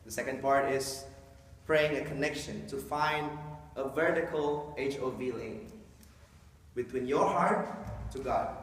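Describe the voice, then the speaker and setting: A man's voice: mid-range voice, a little hiss or hum. A man giving an informal, joking talk to a live audience, often acting out quoted voices. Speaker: speaker explaining Islam to an audience. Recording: echoey hall from a distant mic.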